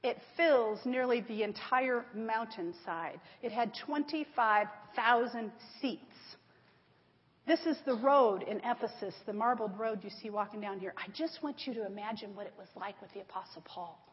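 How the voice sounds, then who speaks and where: Woman preacher, high voice, storytelling sermon, long hall reverb. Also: normal speed. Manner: storytelling, reading scripture aloud with emphasis. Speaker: Bible teacher. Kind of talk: sermon with slides. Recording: dull audio in a large reverberant hall.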